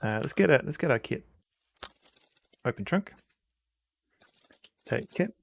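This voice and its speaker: A man's voice: a little high, animated, unhurried, gravelly. A man streaming a retro game, giving wry, chuckling commentary and reading the game text aloud.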